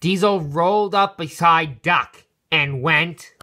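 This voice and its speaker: A man's voice: fairly high pitch, slow, pushed and bright. A man casually narrating a toy-train story, correcting himself and adding playful asides.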